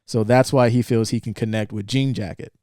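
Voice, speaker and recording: Speaking a little fast at medium pitch, a young man co-hosts a podcast in clean, echo-free studio sound. He wanders through a film scene in relaxed conversation, voicing the characters' lines in a lively retelling.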